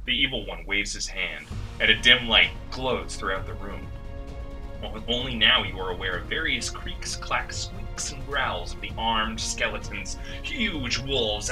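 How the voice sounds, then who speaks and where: A man hosting and narrating a tabletop adventure, breaking off for joking asides. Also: lowish voice. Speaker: game master and host. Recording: distant mic with background music.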